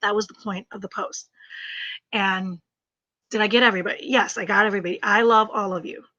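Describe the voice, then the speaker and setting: A woman's voice: medium pitch, steady tone, a little fast, sharp tone. A middle-aged woman chatting casually and emphatically on a crochet livestream, repeating herself and laughing often. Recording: slightly muffled livestream audio.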